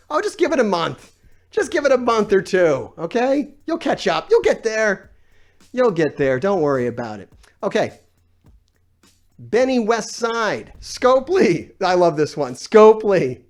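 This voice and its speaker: A man's voice: sits high, big pitch swings, unhurried. A man ranting on a gaming live stream, exasperated and sarcastic, swearing often while he reads out comments.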